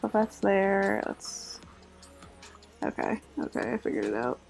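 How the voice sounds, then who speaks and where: A woman chatting casually with viewers while drawing on a live stream, her voice a little scratchy and groggy, relaxed and laughing often as she focuses on her work. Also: mid-range voice, unhurried, gravelly, faint music behind. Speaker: art streamer.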